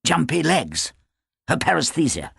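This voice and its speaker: A man's voice: a little high, very animated, measured pace, gravelly, a bit bright, husky, dry recording, clean studio sound, voice pushed up, heavily acted. A man voicing a pompous male doctor who talks in medical jargon.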